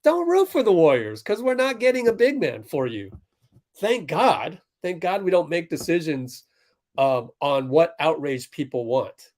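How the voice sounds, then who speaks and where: A man hosting a fan livestream, calling the game live and ranting back at viewers in chat, swinging between fired-up outbursts and low muttered play-by-play. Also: very animated, measured pace, darkish tone. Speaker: livestream host.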